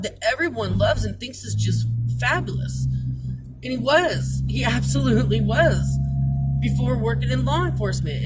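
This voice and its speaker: A tearful, distraught woman venting about her life, pleading and cursing, her voice breaking into tears. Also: fairly high pitch. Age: adult, parent. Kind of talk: emotional personal venting. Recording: distant mic, loud traffic noise.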